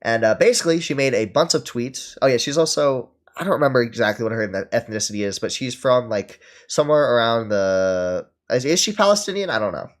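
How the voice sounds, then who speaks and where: A man's voice: mid-range voice, animated, brisk, hardly any pauses. A man streaming, reacting to a podcast with casual, profane and sarcastic commentary, full of fillers.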